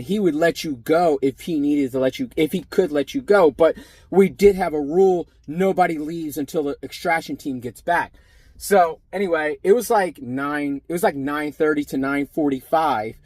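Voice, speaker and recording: A man's voice: a little high, a little mellow, no echo. A middle-aged man, a former prison sergeant, ranting casually and profanely to camera, rambling and blunt.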